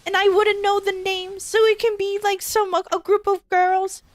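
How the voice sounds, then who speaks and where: Woman doing a controlling young girlfriend: shrill, nagging, way above her own voice. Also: little pitch movement, moderate pace. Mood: complaining. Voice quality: shrill, high whine. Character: jealous, controlling young woman, whiny and suspicious.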